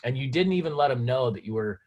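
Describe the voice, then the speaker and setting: A man drops into a video call to share a teaching idea. His voice is mid-pitched and easygoing. He rambles enthusiastically through the drill step by step. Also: lively intonation, fast, a little mellow, dull audio. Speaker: session host and snowboard trainer. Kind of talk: casual chat on a video call.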